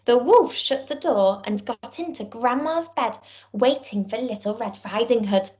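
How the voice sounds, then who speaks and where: A woman teacher, giving a recorded lesson and reading a storybook aloud to young children in a clear, encouraging way. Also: on the high side, measured pace. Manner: encouraging, clear and expressive, speaking to small children. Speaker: primary school teacher.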